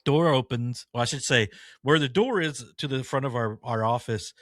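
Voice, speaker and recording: A man's voice: mid-range voice, normal speed, no room sound, clean studio sound. A man co-hosting a podcast, laid-back and telling stories with frequent laughs. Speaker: podcast co-host. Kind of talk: casual chat.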